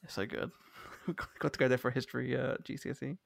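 A man's voice: medium pitch, steady tone, fast talker, creaky, no echo. A man from London with an English accent, hosting a podcast interview in a chatty, self-deprecating way. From London, England. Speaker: podcast host. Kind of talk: casual interview chat.

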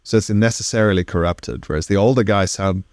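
A man's voice: deep voice, a little fast, a little mellow, dry recording, studio quality. A man in his thirties, a comedian from South Africa, chatting casually in an interview with wry, self-correcting humour and frequent swearing. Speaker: comedian guest.

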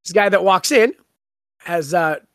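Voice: mid-range voice, a little slow, a bit bright, no room sound. Chatty book podcast host, dry close mic. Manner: laughing, retells scenes with quoted lines. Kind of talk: casual book discussion.

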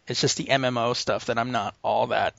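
A man's voice: mid-range voice, steady tone, a little fast, creaky, a bit bright, dry recording. A man co-hosting a podcast, rambling. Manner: rambling, easygoing, laughs often. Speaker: podcast co-host. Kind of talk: casual chat. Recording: dull lo-fi podcast audio.

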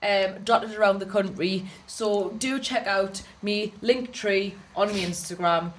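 A woman's voice: medium pitch, unhurried. Giggly teasing woman comedian. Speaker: comedian and podcast co-host. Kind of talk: casual chat.

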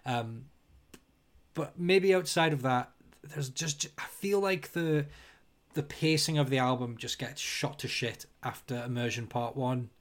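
Scottish male co-host, relaxed and conversational, a bit sweary. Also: medium pitch, measured pace. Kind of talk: casual chat.

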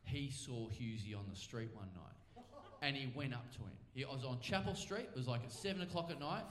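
A man's voice: medium pitch, expressive, fairly quick, fairly bright tone. A man telling a comedic story live on stage, acting out both sides of the talk and swearing freely. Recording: echoey live theater stage.

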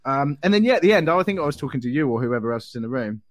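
Man, casual podcast chat, dry close mic, middle pitch, swears a lot. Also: lively intonation, rapid-fire, no room sound. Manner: swears freely, acts out quotes in a raised voice. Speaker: comedian and promoter, guest.

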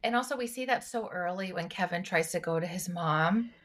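A woman's voice: fairly low pitch, fairly quick, a bit bright. A woman co-hosting a podcast as a clinician, chatting casually and retelling scenes with emotion. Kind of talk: casual chat.

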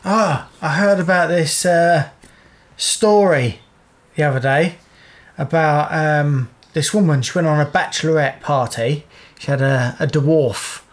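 A man's voice: a little high, a little slow. A man co-hosting a podcast, reacting bluntly with a lot of swearing in casual chat. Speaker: podcast co-host.

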